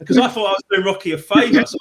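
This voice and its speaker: Male host, high voice, animated storyteller who keeps restarting sentences. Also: very fast. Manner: rambling, excitable, restarts sentences often. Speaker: book club host and author. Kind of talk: animated storytelling on a live stream.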